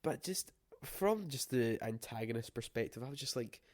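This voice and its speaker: A man co-hosting a film review chat, animated and exasperated, swearing freely. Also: medium pitch, moderate pace. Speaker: film review podcast co-host. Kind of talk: casual chat.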